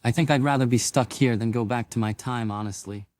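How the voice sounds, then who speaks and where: A man's voice: medium pitch, fairly quick, a little mellow, lightly acted. A man voicing a nervous young man who answers hesitantly and stammers.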